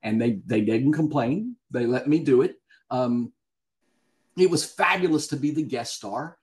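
A man's voice: medium pitch, measured pace, darkish tone. Chatty Southern man telling stories. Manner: chatty storyteller, laughs often. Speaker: guest actor. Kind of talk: casual podcast interview.

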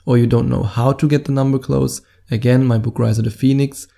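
Upbeat German-accented dating coach, gravelly. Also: male voice, mid-range voice, steady tone, a little fast, mellow. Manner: upbeat and salesy, playful asides. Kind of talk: direct-to-camera coaching talk.

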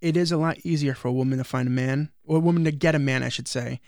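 A man's voice: medium pitch, fairly even intonation, fast, a little mellow, no echo, studio quality. A young adult man co-hosting a podcast, rambling and self-deprecating in casual chat, swearing freely. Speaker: podcast co-host.

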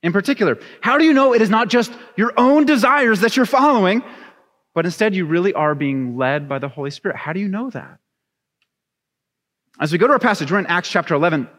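A young adult man preaching a sermon, reading scripture and then telling a chatty, animated story with laughs. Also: sits high, brisk. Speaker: pastor. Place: church sanctuary. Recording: long reverb of a church hall.

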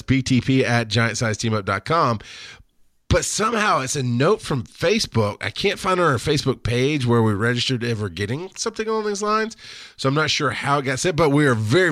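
A man's voice: medium pitch, fairly bright tone, dry recording, studio quality. A man hosting a podcast, joking and laughing between topics as he introduces his co-hosts. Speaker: podcast host. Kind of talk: casual podcast banter.

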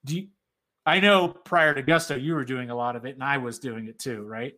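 A man's voice: mid-range voice, a little fast, bright, forceful tone. A man in a casual business conversation, talking loosely about accounting work with lots of "like" and "right?" fillers. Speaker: payroll software company representative.

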